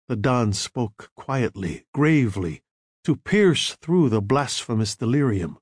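A man narrating a novel in an expressive storytelling manner. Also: medium pitch, unhurried, husky, dry recording, clean studio sound. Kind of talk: audiobook narration.

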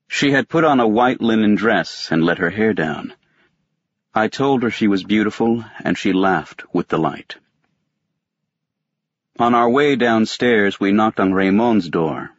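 A man reading a novel aloud as an audiobook narrator, in a measured, detached first-person telling. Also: fairly low pitch, slightly rough, dry recording, muffled recording. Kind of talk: scripted narration.

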